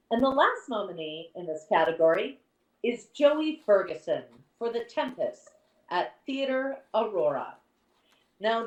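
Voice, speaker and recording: A woman's voice: mid-range voice, a little mellow. A woman presenting theatre awards as the adjudicator, effusive and full of praise as she introduces each nominee. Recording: echoey room, far from the mic.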